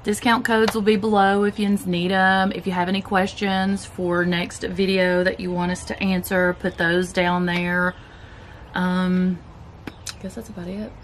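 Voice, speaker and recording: A woman's voice: fairly low pitch, little pitch movement, measured pace, a little hiss or hum. A woman with a Southern US accent, chatting casually while reviewing keto snacks for her vlog. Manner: chatty, laid-back, talks while chewing. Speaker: keto vlogger. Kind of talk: casual chat, food review.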